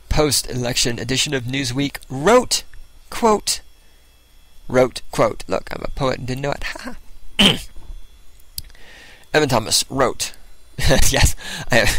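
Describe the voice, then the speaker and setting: Gravelly man ranting with sarcasm. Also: mid-range voice, a bit bright, dry recording, rough recording. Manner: mocking, ranting, reads quotes aloud with scorn. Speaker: host of a political commentary show. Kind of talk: sarcastic political commentary.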